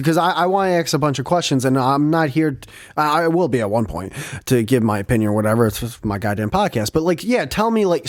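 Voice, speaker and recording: A man hosting a podcast, telling a story in an animated, profane way and laughing often. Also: mid-range voice, no room sound, studio quality. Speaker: podcast host. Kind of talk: casual storytelling chat.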